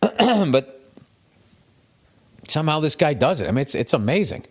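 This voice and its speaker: A man's voice: on the high side, very animated, measured pace, pauses often. A middle-aged man hosting his podcast alone, ranting in a profane, self-mocking, comedic way. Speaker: podcast host. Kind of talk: solo comedic podcast rant.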